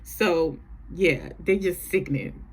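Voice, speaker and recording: A woman chatting casually through a TV episode recap, animated and profane, with features. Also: on the low side, slow pace, slightly rough. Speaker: recap vlogger.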